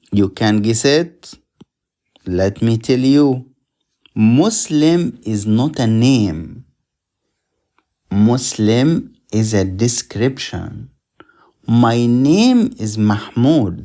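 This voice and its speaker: Slow, mellow-voiced male teacher. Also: mid-range voice. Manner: patient, repeats words slowly for drilling. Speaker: Arabic teacher. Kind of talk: slow explanatory language lesson.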